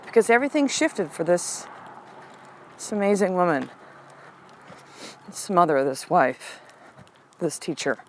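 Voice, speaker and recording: A middle-aged woman with a fairly low voice tells a personal story as a podcast host. She talks candidly and with feeling, easing into soft, slow affirmations. A faint hum sits under the recording. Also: very animated, poor audio. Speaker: podcast host and life coach.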